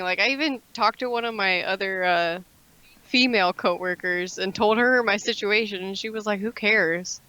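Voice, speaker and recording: A woman's voice: mid-range voice, moderate pace, pushed and bright, clear, resonant tone, dry recording, low-quality recording. A young woman chatting casually on a stream, giggly and a little self-conscious as she tells her story. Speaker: stream guest. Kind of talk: casual chat on a live stream.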